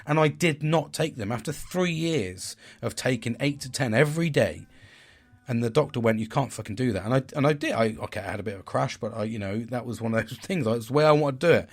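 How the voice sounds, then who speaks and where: A man's voice: mid-range voice, animated, fairly quick. A man, speaking in a frank, rambling way and swearing freely as he hosts a candid personal talk. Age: 40s. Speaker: podcast host.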